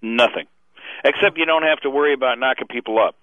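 A man calling into a radio show, chatting casually with a deadpan, dry sense of humor. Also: mid-range voice, fast. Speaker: radio guest on the phone. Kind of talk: casual chat. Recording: tinny phone line.

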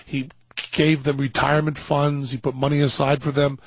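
A man hosting a talk show, telling a long comic anecdote in an animated way and acting out other people's lines. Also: mid-range voice, moderate pace, slightly rough, dry recording. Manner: animated storyteller, acting out quoted voices. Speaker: radio show host telling a story. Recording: dull lo-fi dry studio sound.

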